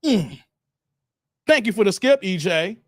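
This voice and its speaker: Man, livestream host, blunt profane rant, pitch swinging all over, dry close sound. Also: expressive, measured pace, no echo. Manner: blunt, profane, emphatic ranting. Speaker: live-stream commentary host. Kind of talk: livestream reaction commentary.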